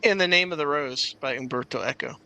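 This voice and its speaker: A man's voice: medium pitch, fast, vocal fry, a crowd in the background. A man in a casual podcast chat, eagerly chiming in with answers.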